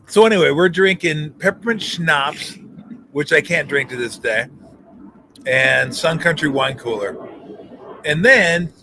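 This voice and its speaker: A man's voice: fairly high pitch, measured pace, creaky, pauses often, a little hiss or hum. A middle-aged man hosting a sports talk show, telling jokey stories in casual chat. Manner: storytelling, jokey, animated retellings. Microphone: streaming call mic.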